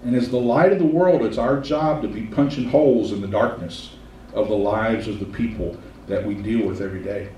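Pastor preaching in a roomy church. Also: male voice, on the low side, warm tone, slight background noise. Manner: folksy storytelling, slows for emphasis. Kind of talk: sermon. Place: church sanctuary. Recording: roomy church sound from a distance.

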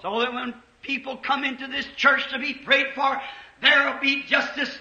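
A man preaches in a very high, bright, piercing voice, swinging from quiet storytelling into fervent shouting. The sound is dull and lo-fi, carrying the roomy echo of an old church recording. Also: little pitch movement, moderate pace. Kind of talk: sermon.

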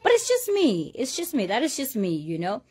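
A loud, confident woman in her forties talking casually and emphatically to her followers. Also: fairly high pitch, wildly swooping pitch, normal speed, breathy edge. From Uganda. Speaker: social media personality. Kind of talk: casual talk to camera, addressing followers.

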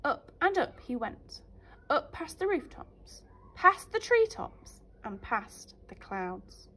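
Woman teacher, reading storybooks to infants, animated and high. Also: takes it slowly. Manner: animated, sing-song storytelling. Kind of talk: storybook reading for young children.

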